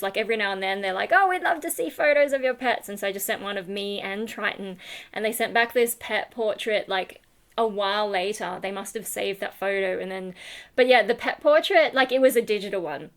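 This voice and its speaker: A woman's voice: medium pitch, steady tone, brisk. A woman, chatting casually to her vlog audience, rambling with lots of fillers and restarts. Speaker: YouTuber.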